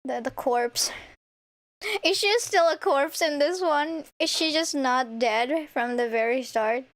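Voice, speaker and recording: A young woman streamer giving excitable, playful game commentary, laughing and swearing freely. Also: high-pitched, takes it slowly. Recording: faint game music behind.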